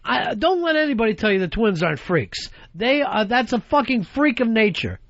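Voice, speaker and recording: High-voiced profane radio host, muffled. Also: male voice, very animated, moderate pace, fairly bright tone, dry recording. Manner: crude, rambling, acts out voices in stories. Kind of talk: profane comedic talk radio banter.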